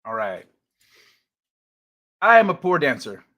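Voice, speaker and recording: A male livestream host chats loosely and slowly with his viewers, reacting to them, cursing casually, and laughing often. His voice is a little high for a man, with lively, animated pitch that swings up and down.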